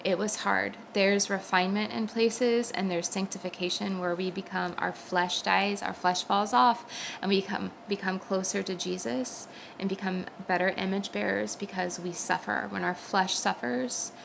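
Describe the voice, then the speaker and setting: Young woman sharing a faith testimony: earnest, chatty, full of fillers, her voice often dropping into vocal fry over faint background noise. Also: mid-range voice, fairly even intonation, moderate pace, fairly bright tone, low-quality recording. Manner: earnest and conversational, with frequent fillers. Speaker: Christian speaker sharing a testimony.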